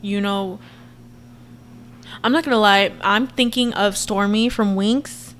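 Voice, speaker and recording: Young woman vlogging her reactions, chatty and expressive, talks right to viewers. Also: medium pitch, slow. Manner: chatty and expressive, frequent laughs and asides to viewers. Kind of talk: casual reaction commentary.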